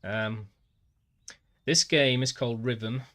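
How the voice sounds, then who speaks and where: A man's voice: medium pitch, steady tone, slow pace, sharp tone. A man with a Manchester accent chatting casually with viewers while streaming a game, calling them mate. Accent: Northern English, Manchester. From Manchester, England. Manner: chatty, talks to chat, says "mate" often. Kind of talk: casual gameplay livestream chat.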